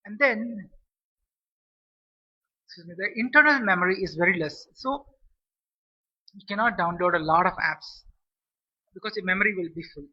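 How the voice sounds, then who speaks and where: A man's voice: high-pitched, moderate pace, long pauses, slightly rough. A man giving a rambling, casual tech explanation for a vlog, often restarting sentences and checking in with "okay?". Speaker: tech vlogger. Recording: distant, dull lo-fi mic.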